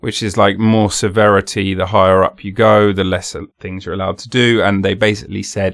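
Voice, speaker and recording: A man's voice: low voice, flat delivery, a little fast, creaky, few pauses, a bit bright, no echo, studio quality. A man hosting his own podcast, chatting casually and rambling with self-mocking jokes and silly voices. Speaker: podcast host. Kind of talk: casual solo monologue.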